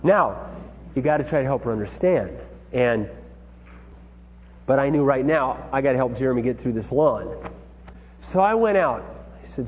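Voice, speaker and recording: A man's voice: medium pitch, animated, normal speed, pauses often, darkish tone. Middle-aged man, folksy emphatic storyteller; dull lo-fi recording with faint hum. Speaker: father giving parenting talk. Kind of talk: personal storytelling talk. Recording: dull lo-fi sound with hall reverb and faint hum.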